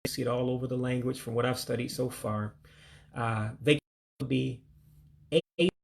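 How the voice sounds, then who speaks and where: A man from the United States leading a casual vocabulary lesson, slowly and carefully repeating foreign words and explaining them plainly. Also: mid-range voice, steady tone, creaky. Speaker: language learner teaching vocabulary.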